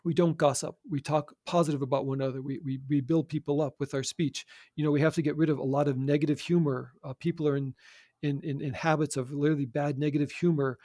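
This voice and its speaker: Earnest man, mellow voice, dry sound. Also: a little high, steady tone, quick pace, no echo. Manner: earnest, repeats words as he restarts. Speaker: guest. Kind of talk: conversational faith talk.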